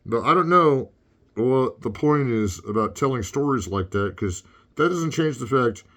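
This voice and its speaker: A man's voice: medium pitch, expressive, a little slow, fairly bright tone. A man playing a stoned, rambling male cartoon critic in improvised comedy commentary over gameplay.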